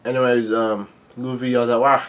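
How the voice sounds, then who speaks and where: A man casually narrating a comic read-along, halting with many fillers. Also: mid-range voice, fairly even intonation. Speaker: channel host reading a comic aloud.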